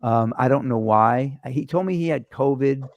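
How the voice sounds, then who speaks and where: Man, host, gravelly voice, dry close sound, rambling storytelling, swears freely. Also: mid-range voice, normal speed, dry recording. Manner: animated, rambling, profane storyteller. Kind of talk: casual chat. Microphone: webcam or phone camera mic.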